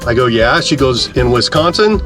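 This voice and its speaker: A man's voice: mid-range voice, lively intonation, moderate pace. A man hosting a casual RV travel vlog, chatty and jokey, with music behind him. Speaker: RV travel vlogger.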